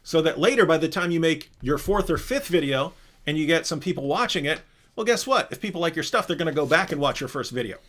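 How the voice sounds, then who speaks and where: A man's voice: a little high, fast talker. A man hosting a live question and answer stream, talking casually and animatedly, often breaking off and restarting. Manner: animated, rambling, self-interrupting. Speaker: live Q&A host. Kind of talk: casual livestream chat.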